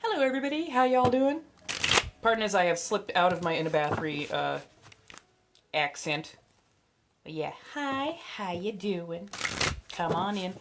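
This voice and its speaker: A woman's voice: on the low side, noisy background. A young adult woman hosting a casual livestream, chatty and blunt, swearing freely and dotting her talk with fillers and laughs. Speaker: livestream host and tarot reader.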